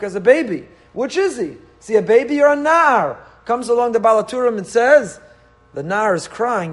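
A man teaching a Torah class, animated and full of rhetorical questions. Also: high-pitched. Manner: animated, rhetorical questions, mixes Hebrew and Yiddish terms. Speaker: rabbi teaching the weekly Torah portion.

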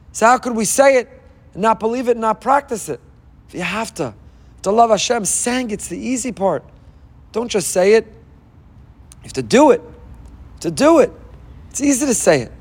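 A man's voice: sits high, lively intonation, moderate pace, pauses often, breathy edge. A man giving an impassioned sermon as a rabbi, firing off rhetorical questions and weaving in Hebrew phrases. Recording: long hall reverb.

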